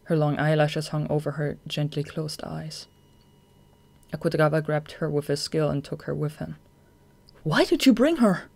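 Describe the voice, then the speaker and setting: Brief: steady fan-audiobook narrator, plain mid-pitched reading. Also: normal speed, vocal fry.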